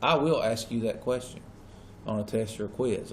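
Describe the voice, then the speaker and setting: A man's voice: on the low side, normal speed, vocal fry, a little hiss or hum. A male teacher lecturing a classroom in a casual way and often checking that the students are following.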